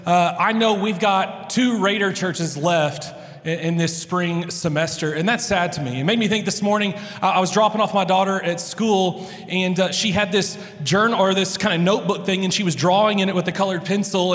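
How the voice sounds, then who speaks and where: A man's voice: high voice, steady tone, normal speed, fairly bright tone. A man in his thirties, a pastor, telling family stories in a chatty, rambling way with many restarts. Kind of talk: casual storytelling sermon. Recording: long reverb of a large hall.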